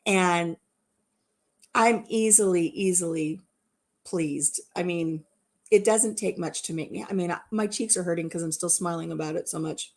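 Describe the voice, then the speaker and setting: A woman in her fifties hosting a live chat and telling stories in a warm, chatty way, laughing at herself. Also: on the low side, normal speed. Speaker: host.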